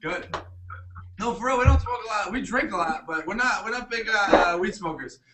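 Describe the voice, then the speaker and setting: A man's voice: high voice, lively intonation, normal speed, echoey room. A brash man swearing and bantering in a casual group chat, picked up from a distance. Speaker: cast member. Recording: distant mic with light noise.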